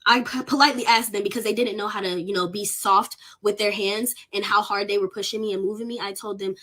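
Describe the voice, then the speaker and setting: A woman's voice: mid-range voice, fairly even intonation, fast talker, hardly any pauses, a bit bright. A young college student tells her arrest story casually on a livestream, shaken and close to tears, swearing freely. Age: young adult. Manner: emotional, candid, swears freely, on the verge of tears.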